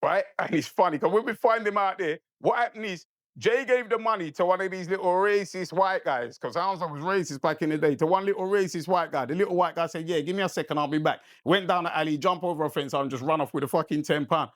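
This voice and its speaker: A man with a high-pitched voice talks fast as a podcast guest, telling a long, casual story. He's animated and profane, swearing freely and repeatedly asking his listener "right?". The recording is dry, clean studio sound.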